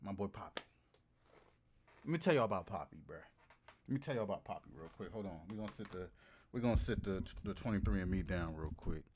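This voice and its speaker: A man casually chatting to his livestream audience, animated and slangy, repeating phrases for emphasis. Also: sits low, fast, slight background noise. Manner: slangy and profane. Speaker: streamer.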